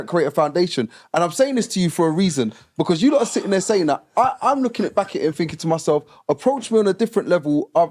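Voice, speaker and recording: A man, co-hosting a live podcast, arguing emphatically in casual group chat. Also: on the high side. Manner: animated, emphatic, lots of repeated "no"s. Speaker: podcast co-host.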